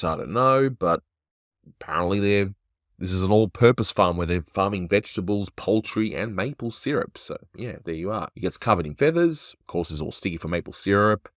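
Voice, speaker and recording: Deep-voiced man reviewing a cartoon. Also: lively intonation, moderate pace, no echo, clean studio sound. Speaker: host. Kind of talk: casual review commentary.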